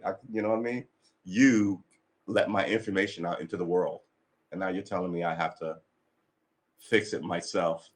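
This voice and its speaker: This man speaks at a normal pace in a low voice. He's chatting and rambling through a morning livestream, worn out and a little grumpy, full of sighs and false starts as he fiddles with his desk microphone.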